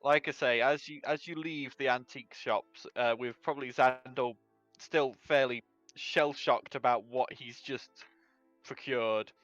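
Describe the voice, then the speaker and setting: A man's voice: medium pitch, fairly even intonation, unhurried, a bit bright, dry recording. Man, game master, loose rambling narration; dry, muffled sound with faint music. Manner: loose, rambling descriptions with fillers.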